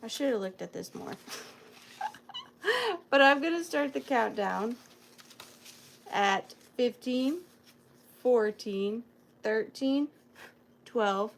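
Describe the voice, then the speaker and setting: Slow-talking, emotional woman reseller. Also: a little high, very animated, creaky, a little hiss or hum. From US South. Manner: emotional, marvelling, apologetic asides. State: near tears. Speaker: antiques reseller hosting a live sale. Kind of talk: casual live-sale chat, reading old letters aloud.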